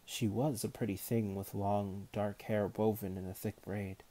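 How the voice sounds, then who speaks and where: A man reading a novel aloud as narrator in a measured, unhurried manner. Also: fairly low pitch, level tone, dark tone. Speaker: audiobook narrator.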